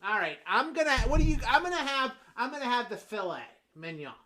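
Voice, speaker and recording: A woman improvising a fussy, demanding woman on a Valentine's date, stammering and bossy, bursting into shouts. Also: on the high side, very animated, brisk, a little hiss or hum. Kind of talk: improvised comedy scene.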